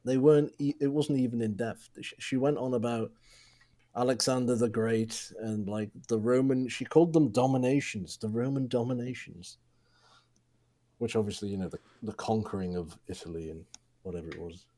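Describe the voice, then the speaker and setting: A man's voice: medium pitch, normal speed, warm tone. A man in his twenties co-hosting a podcast, telling an anecdote in casual chat, hesitant and full of restarts. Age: 20s. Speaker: podcast co-host.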